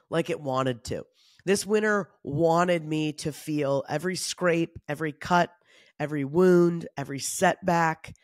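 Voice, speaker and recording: A woman hosts her own podcast alone, talking candidly and confessionally, sounding tired and run down, with casual laughs and the odd swear. Her voice is lowish, and the recording is dry with clean studio sound.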